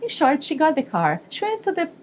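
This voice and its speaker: Woman, podcast co-host, dramatic storyteller, high voice, very lively pitch. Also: a little fast. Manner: expressive, dramatic retelling. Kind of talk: casual storytelling chat.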